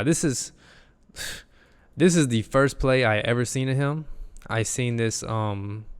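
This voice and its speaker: A man's voice: mid-range voice, clean tone, in a large hall. A young man, an enthusiastic football analyst, talking loosely through game film and repeating himself as he goes. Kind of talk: casual film breakdown.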